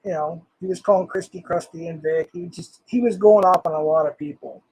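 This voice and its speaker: A man's voice: high voice, a little fast, a little mellow, husky, poor audio. An older man streaming live, reading comments aloud in an angry, swearing rant.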